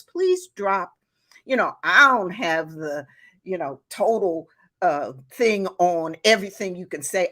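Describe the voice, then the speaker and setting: Slow, lively-voiced woman hosting a live show. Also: lowish voice. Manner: chatty and encouraging, often laughing, many "you know" fillers. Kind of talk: live-streamed advice talk to viewers.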